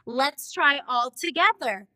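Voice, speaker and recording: A woman teaching children English, spelling out words slowly in an exaggerated, repeat-after-me way. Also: high-pitched, expressive, bright, forceful tone. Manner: sing-song, exaggerated, repeat-after-me delivery. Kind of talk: slow spelled-out teaching for kids.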